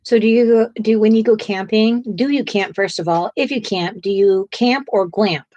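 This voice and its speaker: A woman's voice: mid-range voice, normal speed, a little mellow, dry recording, lo-fi sound. Chatty woman co-hosting a coloring stream. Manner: chatty, asks viewers questions, laughs often. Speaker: co-host of a live coloring stream. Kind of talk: casual chat while coloring.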